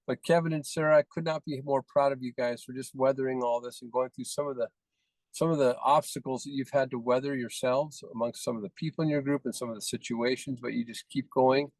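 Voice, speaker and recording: A man's voice: mid-range voice, steady tone, a little fast, darkish tone, no room sound, low-quality recording. A man leading a team call, praising members one by one in effusive, repetitive phrases. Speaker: team leader presenting recognitions.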